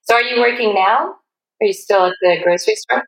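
A woman's voice: on the high side, a little fast, vocal fry, poor audio. A woman hosting an interview, encouraging her guests and asking short questions. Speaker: host.

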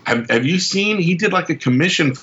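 Excitable man with a lively bright voice. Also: a little high, brisk, slightly rough, lo-fi sound. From England. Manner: rambling, excitable, many restarts and fillers, acts out quotes. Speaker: comic book writer, guest. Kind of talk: casual interview anecdotes.

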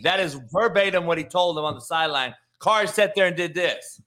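A man who coaches football, co-hosting a casual podcast with animated, profane storytelling. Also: high voice, brisk. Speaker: coach, co-host. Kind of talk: casual chat.

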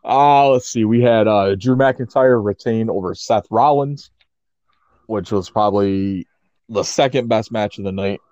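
A laid-back man co-hosting a podcast, his voice sitting low. He laughs easily and leans on "like" as he talks. The sound is dry and a bit muffled and lo-fi. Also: measured pace, darkish tone, no echo. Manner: laid-back, laughs often, peppers speech with "like". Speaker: podcast co-host. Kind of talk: casual chat recapping wrestling. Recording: muffled lo-fi audio.

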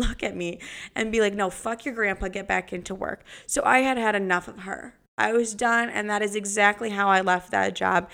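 Brash, foul-mouthed young woman with vocal fry. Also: mid-range voice, a bit bright. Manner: brash, profane, and sarcastic. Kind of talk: storytime monologue.

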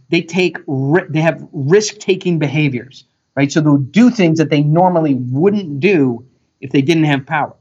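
A man guest on a talk show, telling stories and acting out what people said in a lively, animated way. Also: on the high side, breathy edge. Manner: animated storyteller, acts out quotes. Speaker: podcast guest expert. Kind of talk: casual interview talk. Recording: dull lo-fi sound.

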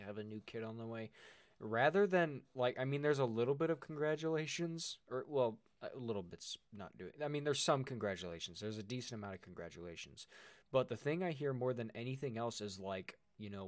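A man co-hosting a casual podcast, joking loudly and then trailing off into quiet asides. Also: fairly low pitch, dry recording. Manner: loud, jokey, often trailing off into quiet asides. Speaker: podcast co-host.

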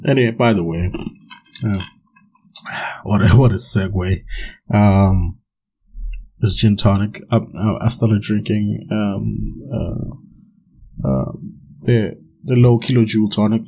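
A man's voice: lowish voice, takes it slowly, long pauses, darkish tone, poor audio. A young man hosting his podcast solo, ranting casually with swearing, laughter and frequent restarts while sipping gin. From South Africa. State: drinking gin while talking. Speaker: podcast host.

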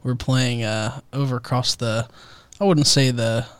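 A man of middle pitch tells stories in an easygoing, profane way. His voice sounds dry and close, with no room around it. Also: steady tone, moderate pace, smooth, no echo. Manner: laid-back, profane storyteller. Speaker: podcast co-host. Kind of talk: casual chat.

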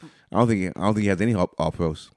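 A man co-hosting a casual podcast, talking quickly in a lowish voice. He answers bluntly and skeptically, often in a word or two. The sound is close and dry. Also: a little mellow, no echo. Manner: blunt, skeptical, short replies. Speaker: podcast co-host. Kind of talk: casual chat over beers.

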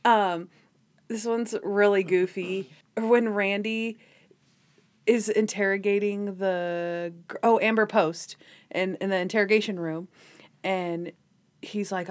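A woman co-hosting a podcast chats casually while recapping a TV episode, speaking slowly in a steady, mid-range voice. She animatedly retells scenes and acts out the characters' lines.

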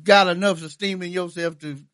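A man tells jokes in a laid-back chat. His voice sits high and bright, and he laughs his way through each punchline. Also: fairly even intonation, moderate pace. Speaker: podcast co-host. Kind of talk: casual joke-telling chat.

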